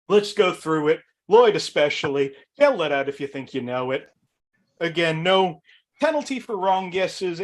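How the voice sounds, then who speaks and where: Animated Boston-accented man hosting a game show. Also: on the high side. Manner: rambling, laughs often, many fillers. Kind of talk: casual comedic game show banter.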